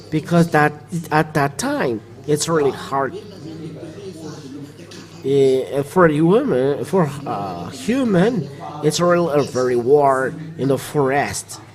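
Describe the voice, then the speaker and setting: A man preaching a live church sermon, halting with many fillers and restarts. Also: fairly high pitch, animated, poor audio.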